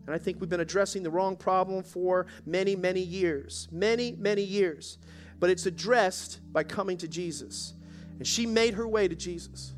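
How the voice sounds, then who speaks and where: High-voiced male pastor preaching. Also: moderate pace, soft background music. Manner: exhorting, calls for audience response. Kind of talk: sermon. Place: church service.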